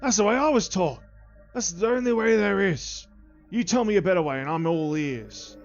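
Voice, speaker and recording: A gruff, disgraced camp cook, as a man puts him on, loud and blustering, sliding into self-pity. The voice sits high and booming. The stream audio is dull and lo-fi. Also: animated, a little slow, soft background music. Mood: defiant.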